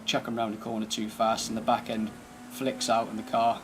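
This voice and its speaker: Guy reviewing a game car, gravelly low-key voice, kinda monotone, noisy recording. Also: normal speed. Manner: laid-back, thinking aloud while driving. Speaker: gaming channel host. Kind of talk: casual gameplay commentary.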